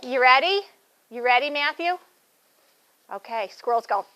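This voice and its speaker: A woman's voice: sits high, expressive, unhurried, bright, forceful tone, slight background noise, poor audio. A young adult woman guiding a children's yoga class with playful, sing-song encouragement.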